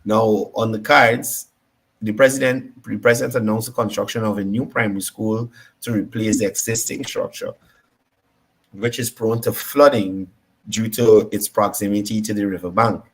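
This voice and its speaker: A man's voice: on the low side, fairly even intonation, moderate pace, husky. A man with a Guyanese accent hosting a political talk show, combative and repeating his points for emphasis. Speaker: political commentary host.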